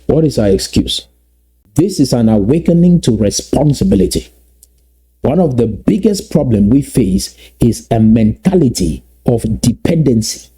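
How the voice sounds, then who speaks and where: A man from Southern Cameroons, giving an emphatic motivational address that repeats and slowly stresses key phrases. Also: mid-range voice, big pitch swings, mellow, husky. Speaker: activist speaker.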